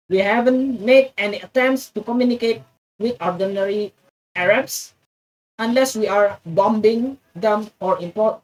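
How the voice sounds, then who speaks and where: A woman's voice: medium pitch, a little mellow, far from the mic, rough recording. A woman with an Indonesian accent reading an English text aloud for practice, stumbling and restarting often. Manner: halting, many restarts and stumbles on words.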